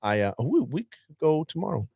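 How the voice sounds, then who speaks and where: A man's voice: on the high side, a little fast, vocal fry, husky, no echo. A man who teaches, telling a story on a casual podcast and acting out his student's lines. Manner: animated, acts out a student's lines.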